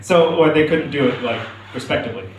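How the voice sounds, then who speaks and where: Rambling self-deprecating stand-up comedian. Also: male voice, a little high, brisk, dull audio, crowd noise. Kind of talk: open-mic stand-up. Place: comedy club stage. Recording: echoey club room, mic from far.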